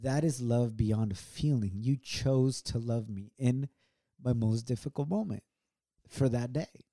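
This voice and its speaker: A middle-aged man with a mellow, dark-toned voice shares a personal story on a podcast. He speaks in an earnest, reflective, conversational way, and his pitch sits in an ordinary middle range. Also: measured pace. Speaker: podcast co-host. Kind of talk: casual, heartfelt storytelling.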